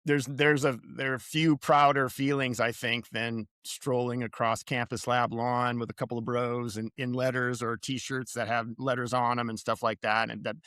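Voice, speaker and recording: A man hosting a podcast, asking questions in a relaxed, joking way and chuckling along. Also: medium pitch, moderate pace, hardly any pauses, clean tone, no room sound, clean studio sound. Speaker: podcast host. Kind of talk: casual interview chat.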